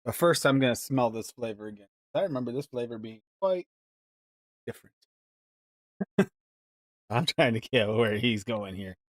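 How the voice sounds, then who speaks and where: A man's voice: mid-range voice, lively intonation, moderate pace, pauses often, no echo, studio quality. Man musing through a live mixing show. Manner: musing, rambling, reads recipes aloud. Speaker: host mixing recipes live. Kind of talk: casual live-stream chat.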